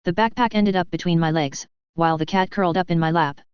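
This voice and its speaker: Smooth, dry audiobook narrator. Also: medium pitch, fairly even intonation, fast talker, no room sound, lo-fi sound. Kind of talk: scripted fanfiction narration.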